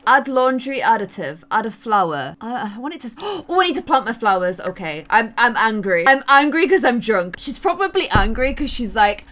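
A woman's voice: on the high side, very animated, normal speed, few pauses, fairly bright tone. A young woman commenting on her own life-sim gameplay in a chatty, giggly, self-mocking way. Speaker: gaming YouTuber. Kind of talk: Let's Play commentary.

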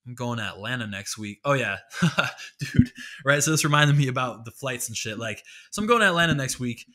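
A man's voice: medium pitch, animated, a little fast, pushed and bright. A man hosting a podcast who delivers a rambling, exasperated comic rant full of profanity. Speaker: podcast host. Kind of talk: comedic solo rant.

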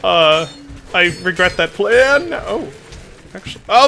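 A man with an odd, unusual-sounding voice chats casually while streaming a game, rambling, putting himself down, and exclaiming at his mishaps. His voice is high, pushed and bright, with lively intonation and vocal fry, and he's unhurried. Soft music plays in the background.

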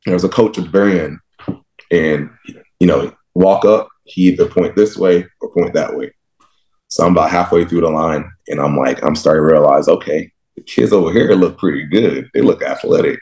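A young Texan who plays linebacker professionally is the guest in a casual interview. His voice is deep and his pace normal, and he tells stories in a lively way, laughing often while acting out his younger self.

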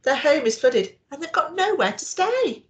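A woman voicing Primrose, an eager young girl mouse in a storybook, in a high, urgent voice. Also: sing-song, moderate pace, highs cut off. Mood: chatty.

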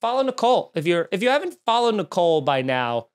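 A young man, a comedian hosting his podcast, telling a story as a profane, exasperated rant and acting out the quotes loudly. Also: high-pitched, very animated, fast talker. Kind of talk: animated comic storytelling rant.

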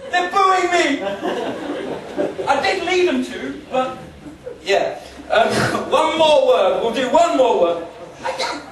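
A man's voice: extremely high pitch, animated, slow, pauses often. A young man from England compèring a live comedy night in a pub, joking with and teasing the crowd. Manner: jokey, self-mocking, banters with the crowd. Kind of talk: stand-up compèring. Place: pub function room, live audience. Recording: echoey room from far off. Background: room noise, crowd murmur.

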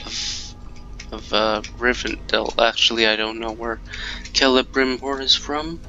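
A man's voice: mid-range voice, steady tone, measured pace, sharp tone, dull audio, slight background noise. A man giving casual let's-play commentary, joking around and taunting the enemies on screen. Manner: playful, jokey, taunts game enemies. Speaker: gameplay commentator. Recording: game music under voice. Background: game music.

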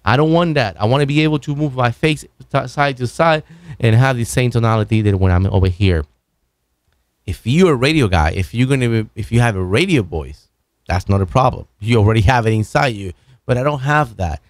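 In an expressive mid-range voice, a man casually demonstrates a studio mic for his microphone review video at a home studio desk. He speaks haltingly, restarting often while moving around the arm-mounted broadcast mic at varying distances, and the recording is dry.

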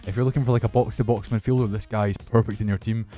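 A young man commentating his football video game with excitable, sweary banter. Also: fairly low pitch, very fast, faint music behind. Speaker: gaming YouTuber. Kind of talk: casual gameplay commentary.

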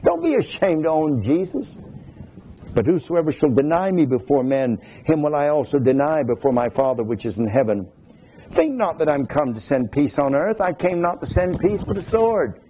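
A man's voice: fairly high pitch, animated, normal speed, warm tone, slight background noise, rough recording. A male pastor preaching a sermon, reading scripture aloud in a formal cadence and breaking into folksy asides to his congregation.

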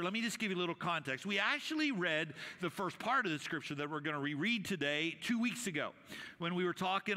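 A man's voice: a little high, sharp tone. A man preaching a conversational sermon as senior pastor, with frequent fillers and restarts. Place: church sanctuary. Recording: reverberant church hall.

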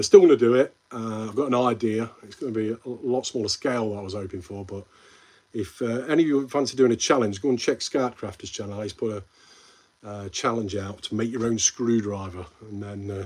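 A man with a Midlands English accent chats through a casual live stream and keeps calling his viewers mate. His voice is a little husky. He rambles between topics and reads comments out before answering them. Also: on the low side, a little mellow. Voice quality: friendly banter with viewers, calls them mate.

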